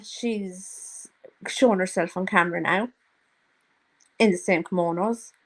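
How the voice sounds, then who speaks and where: Slow-talking gossipy woman vlogger. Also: fairly low pitch. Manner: gossipy, teasing, puts on mocking voices. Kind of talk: casual chat to a live audience.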